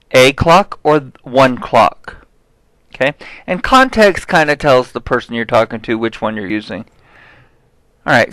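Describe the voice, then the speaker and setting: A male Spanish teacher walks through articles and plurals at a slow, patient pace. He sounds out each example word with care and keeps asking "okay?" between points. His voice is mid-pitched and recorded dry, with no room sound. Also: fairly bright tone, dry recording, low-quality recording. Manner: explains step by step, checks with "okay?"; spells out example words slowly. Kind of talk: recorded classroom lesson.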